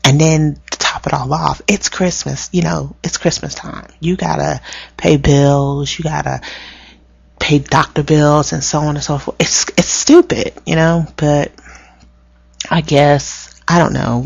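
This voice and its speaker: Casting: hoarse, scratchy woman vlogger, gravelly fry, dull lo-fi mic, blunt and salty. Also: low-pitched, no echo. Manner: animated, profane, exasperated storytelling. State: hoarse from spicy food. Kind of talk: casual storytelling rant. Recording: dull lo-fi webcam sound.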